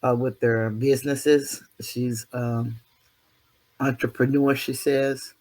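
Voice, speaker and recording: A man's voice: medium pitch, little pitch movement, takes it slowly, darkish tone. Male vlog host, motivational monologue; preachy, down-to-earth, self-mocking. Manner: preachy, earthy, self-deprecating, mild cursing. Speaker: channel host.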